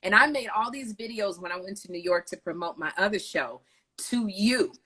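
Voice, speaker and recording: A woman hosting a casual live video chat, telling lively stories over a video call. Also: mid-range voice, normal speed, slightly rough. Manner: animated storytelling, lively retellings. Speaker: host.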